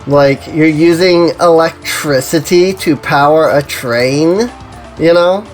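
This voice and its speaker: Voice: medium pitch, takes it slowly, faint music behind. A streamer chatting casually while playing an online game, rambling and saying "you know" and "like" constantly.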